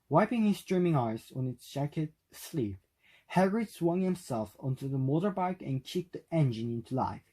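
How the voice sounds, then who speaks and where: A man whose first language is Korean reading a novel aloud for speaking practice, at a careful, steady pace. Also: fairly high pitch, normal speed, poor audio. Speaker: reader.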